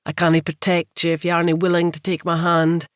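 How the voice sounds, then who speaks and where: A woman voicing a tall, solemn Scottish man who urges with a low, rich voice in a Scottish accent. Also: completely flat delivery, brisk, no room sound, studio quality, close to an everyday voice. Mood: urging. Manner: urgent, coaxing.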